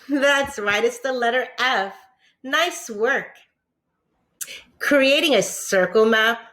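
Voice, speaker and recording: A woman teacher with a New York accent giving a patient lesson to young children, pausing for answers and praising them often. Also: fairly high pitch, a bit bright. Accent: New York English. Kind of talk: slow, encouraging classroom lesson for young children.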